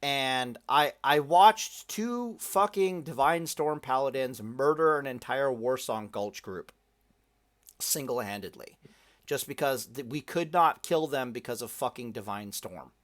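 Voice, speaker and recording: Profane rambling gaming podcast host. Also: male voice, mid-range voice, animated, a little slow, a bit bright. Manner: profane, rambling, lots of restarts. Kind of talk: casual gaming podcast chat.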